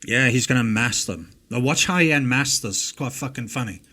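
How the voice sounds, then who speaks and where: A man's voice: mid-range voice, expressive, fairly quick, pushed and bright. A South African man hosting a reaction video, ranting angrily and mockingly with lots of swearing. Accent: English-speaking South African. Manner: angry, swearing, mocking rants. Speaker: host reacting to a recording. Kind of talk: profane reaction commentary.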